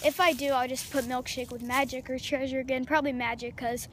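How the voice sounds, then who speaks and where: A woman with a high voice talks to her viewers in a loose, rambling way, full of ums and false starts. She vlogs casually at home, moving around the house as she talks, with a faint hum of room noise behind her. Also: steady tone, brisk, fairly bright tone. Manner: rambling, chatty, many fillers and restarts. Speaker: vlogger. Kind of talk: casual vlog chat.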